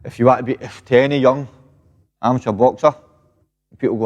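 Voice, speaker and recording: This guest, a professional boxer from Scotland in his thirties, keeps the interview casual, swears without restraint, and tacks "mate" and "know what I mean" onto his lines. His medium-pitched voice is darkish and fairly even, moving a little fast. The highs are cut off, and long reverb hangs over the recording.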